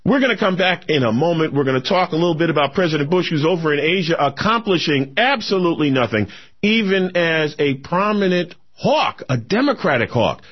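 A man co-hosting a political talk radio show, speaking in a casual, opinionated way with frequent fillers and restarts. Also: a little high. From United States. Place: radio studio. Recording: lo-fi broadcast radio recording.

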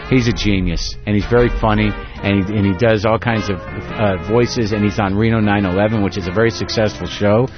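A man's voice: lowish voice, steady tone, a little fast, hardly any pauses, lo-fi sound, music in the background. A man hosting a radio talk show, rambling in a sarcastic, casual way with lots of restarts.

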